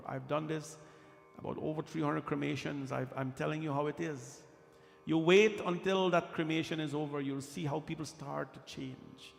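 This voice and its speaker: A man's voice: a little high, steady tone, moderate pace, vocal fry. A man preaching a devotional sermon in a temple, repeating phrases for emphasis. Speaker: pandit leading a katha. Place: temple hall. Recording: long reverb of a hall, with music.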